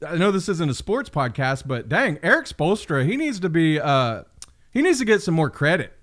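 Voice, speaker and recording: A man hosting a podcast, chatting casually over a video call, rambling and trailing off softly. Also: on the high side, very animated, moderate pace. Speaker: podcast host. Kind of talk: casual chat.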